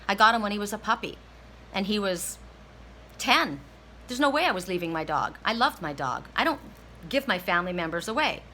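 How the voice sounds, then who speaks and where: A woman from the United States with a bright, forceful voice tells a personal story during a tarot reading, near tears and often restarting her sentences. She repeats herself as she talks through it, and there is a faint hiss of noise behind her. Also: medium pitch, sing-song, fairly quick, rough recording. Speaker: tarot card reader.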